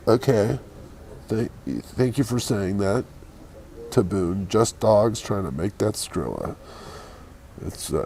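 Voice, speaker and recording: A hungover man chatting casually with his live-stream viewers from an airport, keeping his voice quiet and low. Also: vocal fry, slight background noise. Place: airport waiting area.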